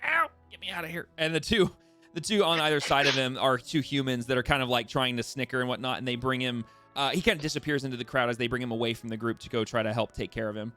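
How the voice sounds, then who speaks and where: Halting man running a tabletop game. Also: medium pitch, steady tone, bright, forceful tone, faint music behind. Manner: halting, many fillers. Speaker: game master.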